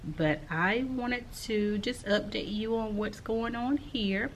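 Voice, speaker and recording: A middle-aged woman, an elementary school teacher, talking casually to camera in a slow, soft-spoken, reflective way with frequent pauses. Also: mid-range voice, slight background noise. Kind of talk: casual vlog talk to camera.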